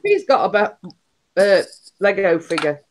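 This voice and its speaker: A woman's voice: medium pitch, sing-song, unhurried, slight background noise. A woman chatting casually, giggling and teasing her friends. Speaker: host. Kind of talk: casual chat.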